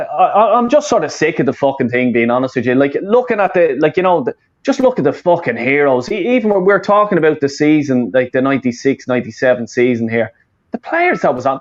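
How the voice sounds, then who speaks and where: Guy ranting about football, lots of you know and restarts, dull lo-fi audio. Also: on the high side. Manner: rambling, swearing, many fillers and restarts. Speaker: fan channel host. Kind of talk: casual football fan chat.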